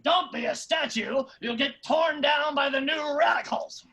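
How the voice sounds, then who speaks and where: A man voicing a drunk, cranky old woman in a comedy bit, hissing in a half-whispered shout. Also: very high voice, measured pace, creaky, exaggerated voice. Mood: scornful.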